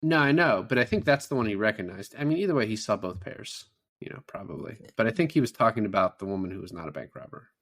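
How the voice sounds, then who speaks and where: Chatting casually about a movie, this podcast co-host talks fast in an expressive voice that is on the low side with a fairly bright tone. Part of a relaxed film review, his talk includes free swearing and acted-out lines from scenes.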